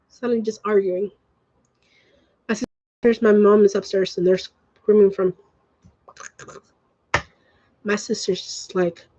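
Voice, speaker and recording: A woman's voice: mid-range voice, darkish tone, lo-fi sound. A young woman who grew up speaking Spanish, ranting emotionally and swearing in a home vlog. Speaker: vlogger.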